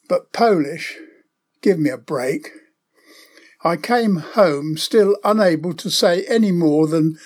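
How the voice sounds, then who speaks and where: A man's voice: on the high side, darkish tone. An older man, hosting a podcast and reading a wry, opinionated monologue. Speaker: podcast host.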